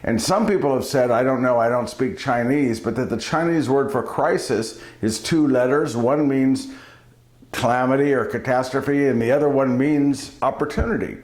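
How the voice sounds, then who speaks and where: A man's voice: medium pitch, moderate pace, a little mellow, roomy sound. A man giving a daily reflection as a preacher, telling a joke and then a homily, chuckling at his own jokes.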